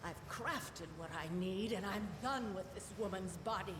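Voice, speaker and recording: A woman voicing a sinister ancient spirit that speaks through a fortune-teller's body, with a slow, theatrical villain delivery, heard as game audio. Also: mid-range voice, close to an everyday voice. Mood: cold sinister. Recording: reverberant game audio with background hiss.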